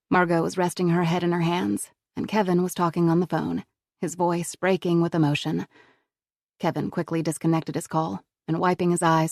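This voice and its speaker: A woman narrating a crime novel audiobook in a steady, even storytelling manner. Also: on the low side, no echo, clean studio sound. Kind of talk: scripted narration.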